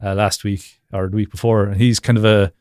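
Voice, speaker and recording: A young man with a slightly low voice, chatting loosely over a video call as an interview guest. He rambles through fillers and keeps breaking into laughter. The sound is dry and close. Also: little pitch movement, brisk, darkish tone, dry recording. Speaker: podcast guest. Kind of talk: casual interview chat.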